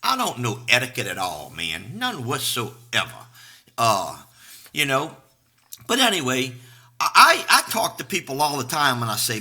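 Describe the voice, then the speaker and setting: Man, pastor, casual live sermon, folksy and plain-spoken, husky, very bright, pitch swinging wide. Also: huge pitch swings, unhurried. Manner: folksy, talks straight and unpolished, greets viewers by name. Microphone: live stream to a camera.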